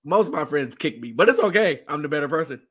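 A man's voice: fairly high pitch, expressive, quick pace, fairly bright tone, slightly rough. A man co-hosting a sports podcast, chatting in an easygoing way and laughing along. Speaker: podcast co-host. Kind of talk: casual sports chat.

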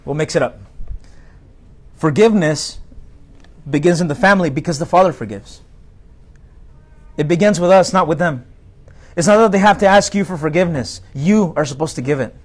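A man's voice: fairly high pitch, a little mellow. A male pastor preaching a sermon in a direct, conversational way, full of rhetorical questions to the congregation.

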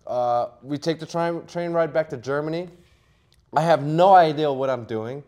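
A man's voice: on the high side, normal speed, a little mellow. A middle-aged man, a poker player guest, telling a story casually with lots of fillers, restarts and laughter.

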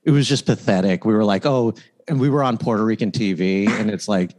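Loose-talking man comedian, lower voice. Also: fast talker, darkish tone. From United States. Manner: laughing, loose storytelling with many "like"s. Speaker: comedian, podcast guest. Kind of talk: casual chat.

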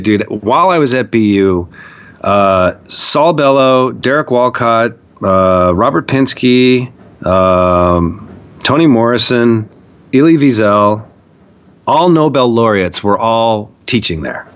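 A man's voice: on the low side, highs cut off. A man telling stories as a podcast guest, rambling and profane, full of fillers. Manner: profane, rambling, animated storyteller with many fillers. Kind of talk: casual storytelling conversation.

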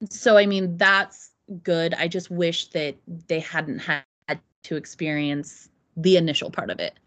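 A woman's voice: lowish voice, fairly even intonation, measured pace. A woman in her thirties, a podcast guest, speaking candidly and reflectively about hard personal experiences, often restarting her sentences. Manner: earnest and reflective, with frequent restarts. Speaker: podcast guest, Navy mother.

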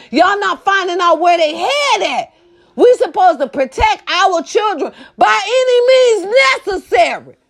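A woman ranting to camera, blunt and profane, firing rhetorical questions and swinging between shouting and low muttered asides. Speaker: social media commentator. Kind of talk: impassioned rant to camera.

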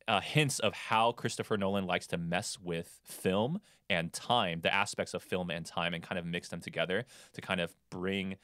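Casual male podcast co-host, low voice, loose rambling delivery, dry close sound. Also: moderate pace, hardly any pauses, a bit bright, no room sound. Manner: rambling, with many fillers and restarts. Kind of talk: casual movie discussion.

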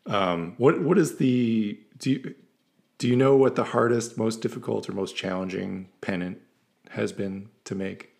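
A man hosting a casual interview, asking relaxed questions and giving short responses. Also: on the low side, measured pace, creaky. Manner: relaxed, brief backchannels and questions. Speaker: guest host, interviewer.

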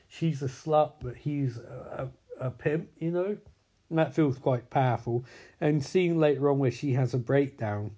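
A man's voice: mid-range voice, dark tone. A man casually reviewing and recapping a film, rambling and jokey, acting out bits of dialogue. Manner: rambling, jokey, acts out quotes in bursts. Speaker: movie reviewer.

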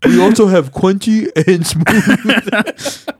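A goofy male telemarketer, put on by a man with a voice pushed well up high, chirping through an overly polite sales pitch in a bright, sing-song lilt. The sound is dry and close, with no room around it. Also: slow, slightly rough, no echo, exaggerated voice. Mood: mock-cheerful.

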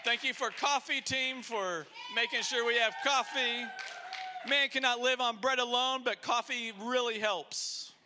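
A man's voice: very high voice, steady tone, measured pace, sharp tone. A man preaching a sermon in a church, telling stories with energy and acting out the people he quotes. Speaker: pastor.

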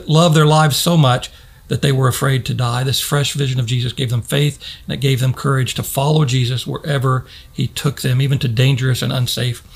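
A male pastor preaching a sermon earnestly, slowing for dramatic pauses and rising for emphasis. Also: mid-range voice.

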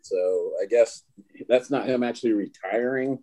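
A man's voice: mid-range voice, moderate pace, a crowd in the background, low-quality recording. A man co-hosting a podcast, talking in a wry, joking way. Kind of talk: casual chat.

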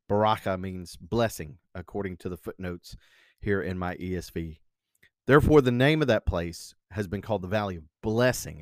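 A man's voice: mid-range voice, no echo. Guy preaching, lots of ups and downs in his voice, dry close sound. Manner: animated, acts out quoted speech. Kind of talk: sermon with storytelling.

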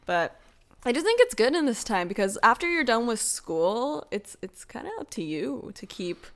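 A woman co-hosting a podcast, animated and teasing, often laughing mid-sentence in a casual chat. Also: on the high side, moderate pace. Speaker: podcast co-host.

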